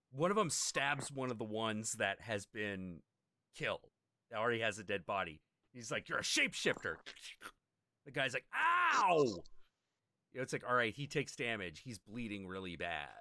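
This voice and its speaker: A man's voice: lowish voice, normal speed, dry recording, clean studio sound. A man hosting a stream, telling a long anecdote in casual chat and acting out the people in it. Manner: animated, acts out quoted characters. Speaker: stream host telling a story.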